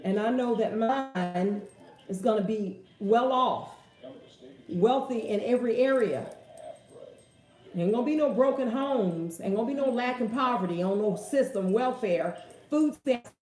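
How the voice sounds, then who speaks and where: Woman, emphatic and folksy, mellow voice, slightly high, echoey room. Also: unhurried. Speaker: host. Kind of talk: casual live Q&A talk.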